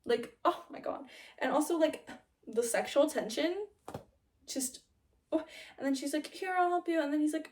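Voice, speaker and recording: A young woman vlogger chatting casually and gushing about a show, with lots of fillers and quick laughs. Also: high voice, sharp tone, distant mic. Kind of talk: casual chat.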